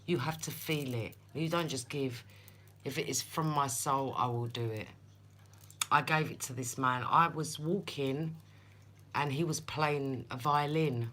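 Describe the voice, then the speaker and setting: The voice is a rumbling low one, unhurried and slightly bright. This woman does tarot readings live, spinning chatty stories with plenty of laughter and speaking to her viewers by name.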